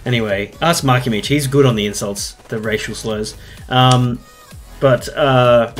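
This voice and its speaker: A man's voice: mid-range voice, measured pace, faint music behind. A man with an Australian accent chatting and swearing casually while streaming a tank game. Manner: swearing, animated banter. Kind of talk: casual live-stream chat.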